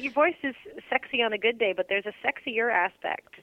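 A woman's voice: a little high, brisk, dry recording. A woman co-hosting a podcast in casual chat, bubbly and teasing, laughing often. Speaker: podcast co-host and radio morning show host. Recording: tinny phone-like line.

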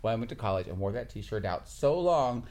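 A man chats as co-host. He tells stories with animated energy and slips into high voices to mimic people. His talk is loose and casual. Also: a little fast. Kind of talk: casual chat.

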